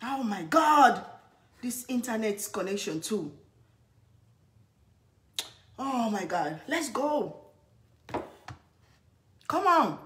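A woman from Sierra Leone chatting casually in a cooking vlog, excitable and often laughing and shouting. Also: a little high, very slow, pauses often. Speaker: cooking vlogger.

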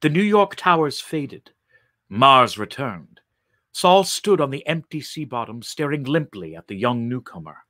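A man reading a story aloud in an expressive, deliberate way. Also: medium pitch, dry recording, studio quality.

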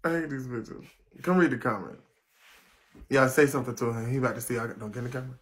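A man's voice: medium pitch, quick pace. A man with a Southern US accent hosting a casual livestream, teasing his guest and reading out viewer comments, laughing often. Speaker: livestream host.

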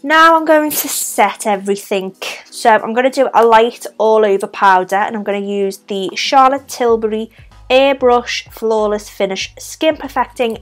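Chatty Scouse woman doing a makeup tutorial. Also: on the high side. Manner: chatty, talks through each step while applying makeup. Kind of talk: casual makeup tutorial narration.

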